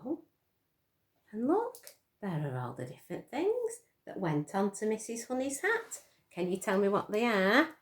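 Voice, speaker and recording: A woman reading a picture book aloud to young children, gently asking them questions as she goes. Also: mid-range voice, huge pitch swings, measured pace. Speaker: children's storyteller.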